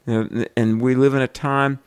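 A man's voice: medium pitch, level tone, moderate pace, clear, resonant tone, no echo. A male radio host making an earnest fundraising appeal and telling stories to rally listeners.

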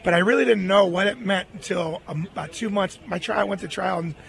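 Earnest higher-voiced man telling a story. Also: a little fast, gravelly, a bit bright. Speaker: guest. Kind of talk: storytelling interview talk.

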